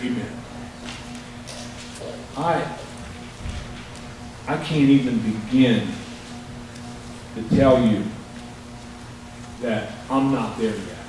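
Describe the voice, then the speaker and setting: A male pastor with a medium-pitched, slightly mellow voice preaches a sermon very slowly, pausing often, with faint music behind him. He tells folksy stories between scripture readings, heard from far off in an echoey church sanctuary as the congregation responds.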